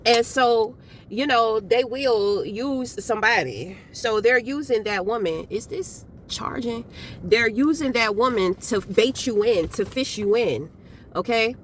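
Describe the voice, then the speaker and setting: A woman giving a casual tarot reading, talking bluntly and with plenty of swearing as she tells stories with animated energy. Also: fairly high pitch, unhurried, slight background noise. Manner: blunt and profane, animated storytelling. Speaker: tarot reader.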